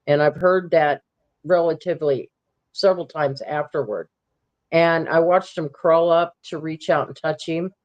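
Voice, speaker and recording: A woman guest recounting a personal camping encounter in a halting way, with many ums and restarts. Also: low voice, darkish tone, muffled recording.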